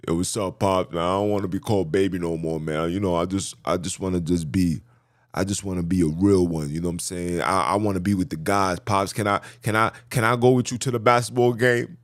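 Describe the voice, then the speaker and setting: A man's voice: low voice, steady tone, a little fast, no room sound, clean studio sound, pitched below the performer's own voice, natural voice. A man voicing a teenage daughter who talks like a boy, slangy and pleading. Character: teen girl talking like a boy.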